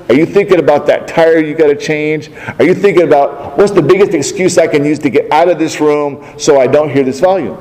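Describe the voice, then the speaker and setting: A fairly high-pitched man preaching a sermon, his voice mellow and warm. He presses his points hard with rhetorical questions to the congregation. Long reverb trails every phrase from the large hall. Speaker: pastor.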